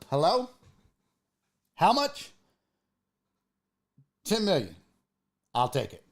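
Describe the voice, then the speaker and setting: A man putting on the voice of an indignant male college baseball coach, shouting and chanting in a mocking sing-song. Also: sits high, full character voice. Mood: huffy.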